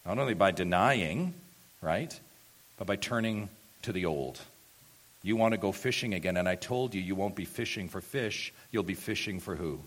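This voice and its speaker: A man preaching an expository sermon, reading scripture and swelling loud for emphasis before dropping low again. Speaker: pastor.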